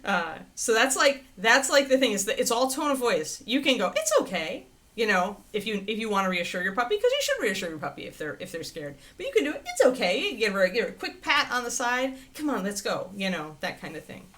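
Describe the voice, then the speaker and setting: A woman hosting a livestream, chatting casually and answering viewers' questions in a rambling, animated way with frequent laughter. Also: fairly quick, hardly any pauses. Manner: animated, swinging pitch into playful quoted voices. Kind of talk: casual chat.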